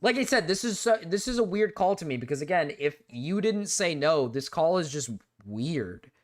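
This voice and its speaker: A man's voice: on the high side, expressive, moderate pace. A young man hosting a live stream, talking casually in a rambling, exasperated way, full of "like" and repeated words. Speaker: livestream host.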